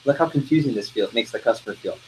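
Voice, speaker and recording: An energetic man leads a sales training class, tossing quick questions at the room and pushing the group to respond. His voice sits at a typical middle pitch, and a faint hiss runs under the recording. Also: poor audio. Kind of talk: interactive training talk.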